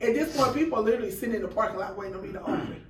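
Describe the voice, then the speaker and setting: The woman, a food truck owner appearing on a podcast, races through a story in casual chat, acting out quoted voices. Her voice is on the high side. Recorded from a distance, the audio is roomy, off-mic, and carries a little hiss or hum.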